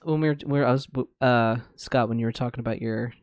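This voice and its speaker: A woman's voice: extremely low pitch, fast talker, a little mellow, dry recording. A woman co-hosting a podcast, easygoing in casual chat and laughing along. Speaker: podcast co-host.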